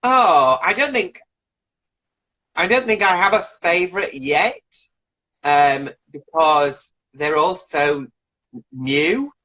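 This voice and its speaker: Guy guesting on a live chat, bright voice, really animated, swoops up and down, jokey. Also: on the high side, rough recording. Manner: animated and playful, quick to joke. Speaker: guest drag performer. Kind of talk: casual live video chat interview. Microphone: video call.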